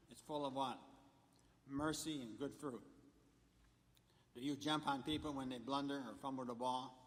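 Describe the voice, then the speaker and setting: A pastor preaches to his congregation in a mid-pitched male voice. He counts off numbered points and slips in jokes as he goes. His words ring with a long reverb through the church. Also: a bit bright. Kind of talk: sermon. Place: church sanctuary.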